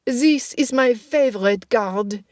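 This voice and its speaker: A woman's voice: medium pitch, unhurried, a little mellow, dry recording, studio quality, natural voice. Woman doing a playful clever young lady. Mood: theatrical.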